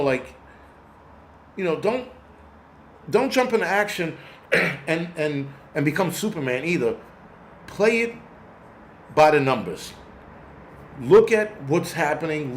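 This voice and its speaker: A man's voice: a little high, a little hiss or hum. A man hosting a casual vlog who rants angrily and bluntly, with plenty of profanity. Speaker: host.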